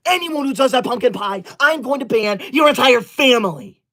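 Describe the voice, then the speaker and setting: A man's voice: very high-pitched, expressive, moderate pace, bright, forceful tone. A man in his twenties hosting a livestream, reading chat comments and scolding viewers like a strict teacher. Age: 20s. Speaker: livestream host.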